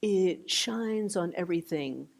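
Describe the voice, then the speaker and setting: An older woman giving a meditation talk, gentle and unhurried, with soft trailing phrases and restarts. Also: fairly low pitch, animated, creaky. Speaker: meditation teacher. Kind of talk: dharma talk. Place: meditation hall.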